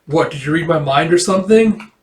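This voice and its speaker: A man's voice: fairly high pitch, fairly quick, reverberant, distant mic, natural voice. A man voicing a snooty, taunting rich boy while reading a manga aloud. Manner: snide, taunting.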